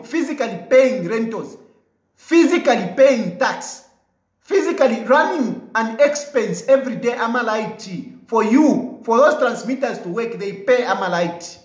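A man's voice: extremely high pitch, roomy sound, poor audio. A man with a Zambian English accent, replying to viewer comments in an emphatic, combative way that keeps repeating his points.

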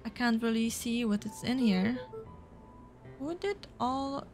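A woman's voice: a little high, animated, takes it slowly, music in the background. A woman casually reading game dialogue aloud as a let's play host, with fillers.

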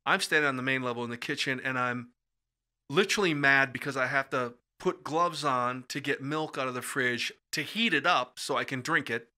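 A middle-aged American man telling personal stories as a podcast guest, animated and acting out quoted voices. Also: medium pitch, moderate pace. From USA. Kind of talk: casual storytelling in conversation.

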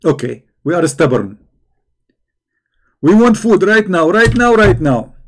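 A man doing a mocking impression of an excitable, boastful male preacher who speaks in rapid, childish bursts. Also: sits high, heavily acted.

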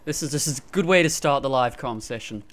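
A man giving live gameplay commentary through a gaming headset, excitable and quick to yelp and laugh in fights. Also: medium pitch. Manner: excitable, frequent yelps and laughs during fights. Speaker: gamer.

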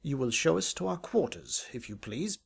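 A man's voice: fairly high pitch, very animated, normal speed, vocal fry, husky, full character voice. A man voicing a stern, saturnine schoolmaster who speaks in a grating, querulous way.

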